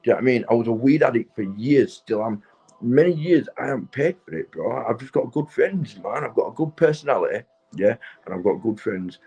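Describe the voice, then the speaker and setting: A middle-aged man, drunk and high, rambling and swearing to his livestream viewers from his sofa at home. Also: animated, brisk, warm tone, breathy edge, poor audio. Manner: rambling, swearing, keeps asking "do you know what I mean". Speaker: livestream host. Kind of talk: rambling casual livestream chat.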